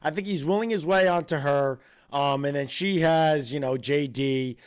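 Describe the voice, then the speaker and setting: A man co-hosting a casual recap chat, relaxed and agreeable, trailing off at the ends of sentences. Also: a little high, normal speed, clear, resonant tone. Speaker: podcast co-host.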